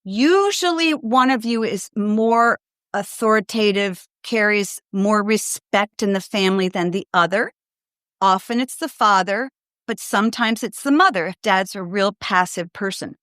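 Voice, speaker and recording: Answering callers on her advice show, this older pediatrician speaks unhurriedly in a mid-range voice, offering frank parenting guidance with warm humor. She plays both children and parents in quoted bits, captured in studio quality without any room sound.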